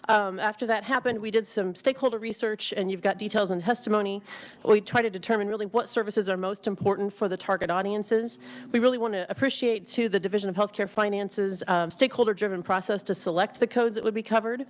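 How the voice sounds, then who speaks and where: A woman delivers committee testimony at a quick clip, racing through her points. She fills gaps with ums and often restarts her sentences, though her pitch stays at an ordinary middle level. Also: steady tone. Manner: rushed, with frequent ums and restarts. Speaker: executive director testifying to a legislative committee.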